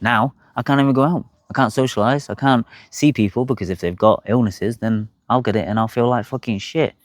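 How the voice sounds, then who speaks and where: A man's voice: on the low side, dry recording, clean studio sound. A young man, bluntly telling his own health story to camera, swearing freely. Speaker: health vlogger.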